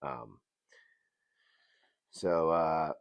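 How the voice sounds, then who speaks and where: A man hosting a casual TV review show, animated and jokey, swinging between loud bursts and mutters. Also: sits low, very slow, gravelly, dull audio. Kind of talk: casual commentary.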